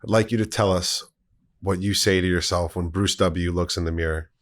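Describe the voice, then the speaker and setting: Young guy hosting a podcast, deep voice, chill, feeds the guest cues. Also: fairly even intonation, moderate pace. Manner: friendly, leads the guest on. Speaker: podcast host. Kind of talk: casual interview chat.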